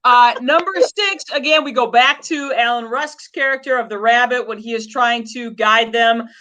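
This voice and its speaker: A woman's voice: on the high side, fairly even intonation, normal speed, pushed and bright. A woman co-hosting a casual podcast chat about a movie, talking in a chatty, enthusiastic, rambling way. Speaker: co-host.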